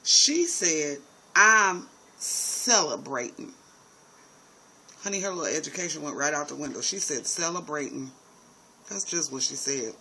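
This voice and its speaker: A man's voice: on the high side, big pitch swings, fairly quick, few pauses, bright, forceful tone, a little hiss or hum, low-quality recording. A man giving a sassy, chatty TV episode recap, calling his viewers honey and baby. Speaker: TV recap host. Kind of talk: casual TV recap commentary.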